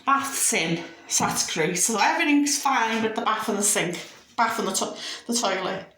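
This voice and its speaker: A woman's voice: on the high side, expressive, moderate pace, pushed and bright, echoey room, slight background noise. A middle-aged woman, chatting casually in a home vlog, indignant and acting out quoted exchanges. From United Kingdom. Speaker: vlogger.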